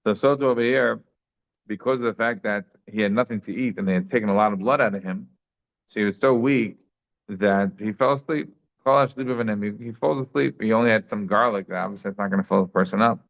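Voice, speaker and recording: A man's voice: fairly low pitch, fairly quick, vocal fry. A man giving a daily Talmud class in a conversational way, thinking aloud with frequent restarts. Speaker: Talmud teacher. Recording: slightly dull lo-fi sound.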